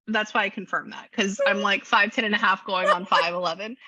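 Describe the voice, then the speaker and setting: A woman's voice: mid-range voice, a little fast, few pauses, sharp tone, no echo, dull audio. A woman working as a psychic medium, chatting animatedly with a client and often laughing. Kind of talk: reading session with a client.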